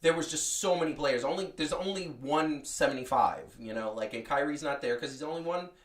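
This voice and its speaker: A man co-hosting a live sports talk stream, chatting in a lively, storytelling way with many restarts. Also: fairly high pitch. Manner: animated, storytelling, quick restarts. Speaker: podcast co-host. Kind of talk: casual sports chat. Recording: roomy sound from off-mic.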